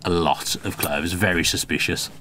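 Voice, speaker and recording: A man's voice: deep voice, steady tone, moderate pace, pushed and bright, a little hiss or hum. A man co-hosting a casual football podcast, chatty and opinionated. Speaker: podcast co-host.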